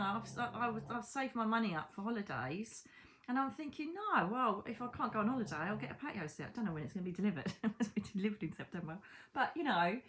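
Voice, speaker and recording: A British woman in a medium voice talks casually to her viewers from home. She is animated and chatty, often turning to the viewer with "do you know what I mean" and the odd mild swear word. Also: medium pitch, rough recording. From Britain. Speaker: psychic medium and channel host. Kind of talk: casual chat to camera. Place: her own home, indoors.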